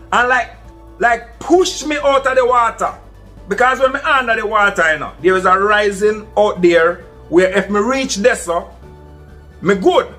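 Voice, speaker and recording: High-voiced Jamaican man telling a story. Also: bright, forceful tone. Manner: earnest, addresses listeners as "my people". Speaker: vlogger. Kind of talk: casual first-person storytelling.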